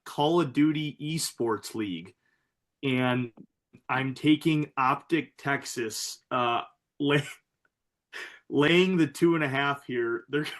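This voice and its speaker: A man's voice: medium pitch, fairly bright tone. A man co-hosting a sports betting podcast, casual, stammering and repeating himself before he gets going. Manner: stammering, repeats his openings. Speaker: podcast co-host.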